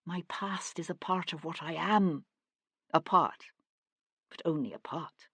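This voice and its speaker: A woman's voice: fairly low pitch, measured pace, a bit bright, husky, dry recording, heavily acted. A woman voicing a cold, stern young nobleman who speaks in a clipped, threatening way. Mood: earnest.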